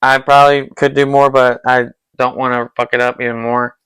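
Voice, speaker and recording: Young guy rambling and cursing while he paints, casual chat, mid-pitched voice. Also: level tone, brisk, a bit bright, clear, resonant tone, no echo. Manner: rambling, loose and profane. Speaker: painter hosting a painting vlog.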